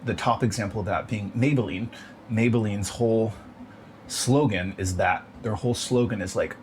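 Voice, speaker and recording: A man's voice: fairly low pitch, moderate pace. A man delivering a bitter, profane, rambling rant on his own. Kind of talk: ranting monologue. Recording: noisy background.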